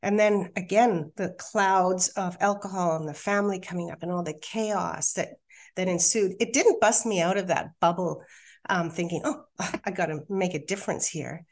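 A middle-aged woman, a podcast guest, telling a painful personal story with halting restarts, then reading her own poem. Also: fairly low pitch. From Australia. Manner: candid, emotional, halting with restarts. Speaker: guest, hypnotherapist and coach.

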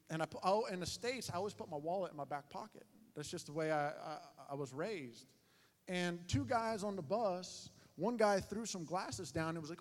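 Animated preacher telling stories in an echoing hall. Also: male voice, fairly high pitch. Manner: animated, self-mocking storyteller with many voice changes. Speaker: pastor. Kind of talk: sermon storytelling. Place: church sanctuary. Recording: echoey hall with long reverb.

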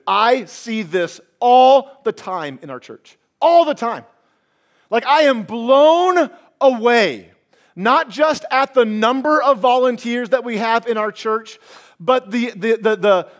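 High-voiced man preaching a lively sermon. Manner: animated preaching with humor and repetition. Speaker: pastor.

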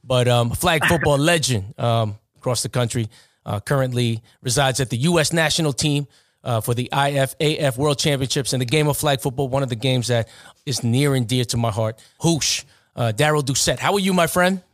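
A man's voice: medium pitch, moderate pace, dry recording, clean studio sound. A man with a New York accent hosting a podcast interview, talking casually and rambling, with lots of fillers. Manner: rambling, many fillers like "man" and "you know". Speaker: podcast host and referee.

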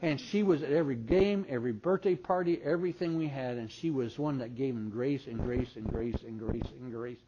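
Older male seminar speaker, folksy storyteller, loud bursts then soft asides; dull live recording. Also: medium pitch, a little fast, few pauses, background noise. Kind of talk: live seminar talk with audience questions.

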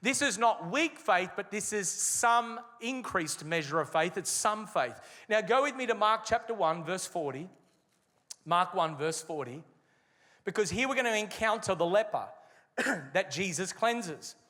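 A man preaching a sermon as a pastor, with emphatic delivery that slows and stresses key phrases. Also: high voice, expressive, sharp tone, big-room sound.

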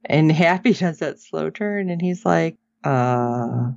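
This co-host's voice sits low, with vocal fry and a slow pace, as she recounts a TV episode in casual podcast chat. She brings the quotes to life and laughs a lot. The recording is dull and lo-fi, without echo.

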